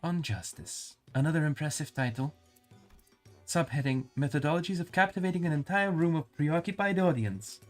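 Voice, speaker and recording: A man's voice: fairly high pitch, lively intonation, normal speed, faint music behind. A male streamer reading game dialogue and narration aloud, musing and stumbling over hard words.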